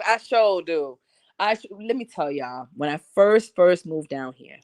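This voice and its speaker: A woman's voice: on the low side, no echo. A woman from Harlem with a New York accent tinged with Southern drawl, chatting bluntly on a livestream, joking and laughing often. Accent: New York with some Southern drawl. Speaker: livestream host reading chat comments. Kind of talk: casual livestream chat. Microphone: phone.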